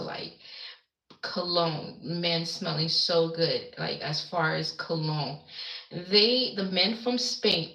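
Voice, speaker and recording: A woman from the Caribbean islands hosts a casual livestream. She talks slowly and rambles from point to point, stopping to answer viewer comments. Her webcam audio has a roomy, echoey sound. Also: lowish voice, gravelly, bright, forceful tone. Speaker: livestream host.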